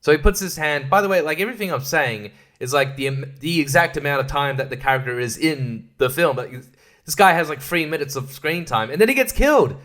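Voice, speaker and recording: A man's voice: on the high side, lively intonation, fairly quick, a bit bright. Rambling, sarcastic man. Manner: rambling, sarcastic, laughs often, does mocking voices. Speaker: podcast host reviewing films. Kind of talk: casual film review monologue.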